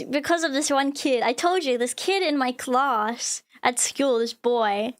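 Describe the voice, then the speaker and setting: An Australian woman streaming as a VTuber, chatting casually and rambling with lots of filler words while she reads chat aloud. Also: a little high.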